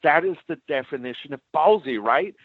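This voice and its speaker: A man telling a personal story in an animated, emphatic way, often repeating phrases for effect. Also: fairly high pitch, brisk, no echo. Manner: animated, emphatic, repeats "let me tell you". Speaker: storyteller guest. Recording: tinny phone-like sound.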